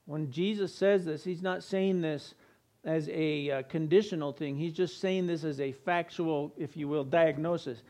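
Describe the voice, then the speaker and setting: Male pastor, higher-pitched voice, earnest preaching style. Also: a little mellow. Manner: earnest preaching, leads congregation in prayer. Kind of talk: sermon.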